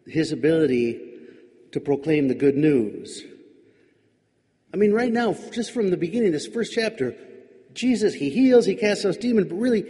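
A man's voice: sits high, mellow. A male pastor giving a reflective sermon, musing aloud with wry, questioning asides. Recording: long hall reverb.

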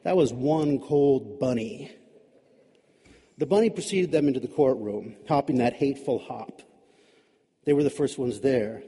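A man's voice: medium pitch, measured pace, pauses often, mellow, slightly rough, long reverb tail. A man narrating a story in a wry, dramatic, sardonic manner.

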